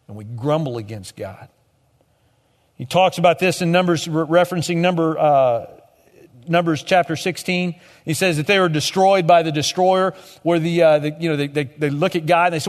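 A young man preaching a sermon in a conversational way, dropping to a low hush at the end of each point. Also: lively intonation, moderate pace. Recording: long hall reverb.

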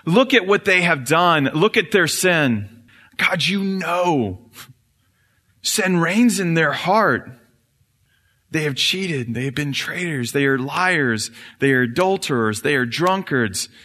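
A man's voice: on the high side, expressive, slow, pushed and bright, voice pushed up, heavily acted. A pastor voicing Satan as a contemptuous male devil who keeps accusing people before God. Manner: raised, accusing, insistent. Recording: reverberant church hall.

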